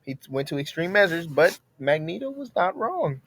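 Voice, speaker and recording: A man co-hosting a podcast in casual chat, telling animated stories and repeating his words as he builds a point. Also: on the high side, moderate pace, a little hiss or hum. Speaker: podcast co-host.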